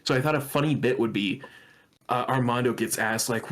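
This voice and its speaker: A male podcast co-host in loose, casual chat, with a mid-pitched voice. He swears a lot and keeps riffing between bits. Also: a little fast, fairly bright tone. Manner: profane, laughing, riffing on jokes.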